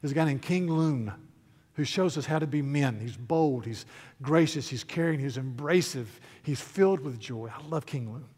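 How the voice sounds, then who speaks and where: A male preacher giving a sermon, reading aloud from a storybook with animated, soft asides. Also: mid-range voice, moderate pace, slightly rough. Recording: echoey hall reverb.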